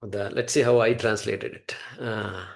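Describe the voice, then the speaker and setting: Male scripture teacher, gravelly voice, patient and repetitive explanations. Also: fairly low pitch, fairly even intonation, a little slow. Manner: patient, repeats key points.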